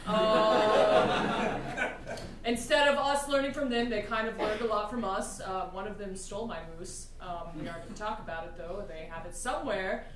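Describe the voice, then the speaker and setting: A woman playing a flustered, stranded band member in an improvised comedy scene, rambling and now and then shouting. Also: medium pitch, fairly even intonation, normal speed, natural voice. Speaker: improv performer. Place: live theatre stage. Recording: echoey stage heard from far off with noise.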